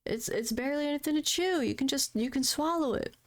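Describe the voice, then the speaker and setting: A woman's voice: high-pitched, quick pace, voice pushed up, close to an everyday voice. A woman mimicking a patronizing, sugary nurse. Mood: condescending. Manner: patronizing, coaxing as if to a child. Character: condescending sweet-talking female nurse.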